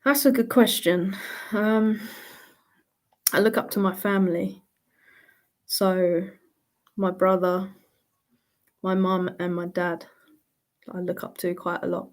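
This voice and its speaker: Casual woman for a live Q&A stream, slow and easygoing, quick to laugh. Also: lowish voice, steady tone. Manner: chatty, laughs often, reads out viewer questions. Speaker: livestream host answering viewer questions.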